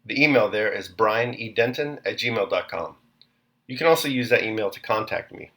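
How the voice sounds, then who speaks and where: A man with a fairly low voice reads a long novel aloud as host of a daily series. His narration is measured and clear, paced for listening. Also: animated, pushed and bright. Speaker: host and reader. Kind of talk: audiobook narration.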